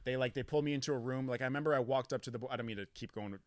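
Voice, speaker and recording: A man's voice: medium pitch, rapid-fire, a crowd in the background. A young man from Canada, a podcast guest, telling a rambling, profane story with lots of restarts. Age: young adult. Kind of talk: casual chat, storytelling. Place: basement studio.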